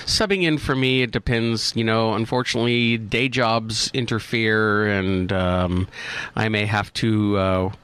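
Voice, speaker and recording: A man's voice: fairly low pitch, unhurried, clear, resonant tone. An American man co-hosting a radio show, joking and self-mocking in casual banter. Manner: jokey, self-mocking, lively. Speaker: co-host.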